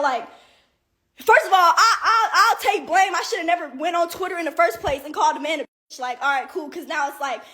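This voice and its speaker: A woman's voice: sits high, fairly bright tone. A young woman upset and defensive, venting in a social media video with many filler "like"s.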